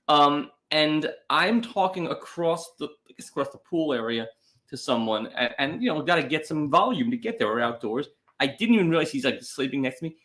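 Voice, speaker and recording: A man's voice: a little high, lively intonation, fairly quick, fairly bright tone. A man co-hosting a podcast in casual chat, telling rambling, wry stories. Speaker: podcast co-host.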